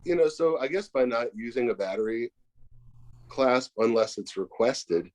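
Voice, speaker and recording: Um homem convidado numa entrevista casual por chamada de vídeo, que fala de modo modesto e hesitante, com muitas pausas. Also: male voice, mid-range voice, expressive, darkish tone. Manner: modest, hesitant, with many fillers. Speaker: guest, pedal maker. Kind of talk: casual video-call interview. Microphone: phone on a video call.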